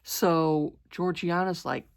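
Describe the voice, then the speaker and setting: Speaking slowly in a lowish voice that is gravelly yet smooth, this woman vlogger gives a casual romance-novel recap. She rambles, uses many fillers, restarts often, and occasionally trips over words.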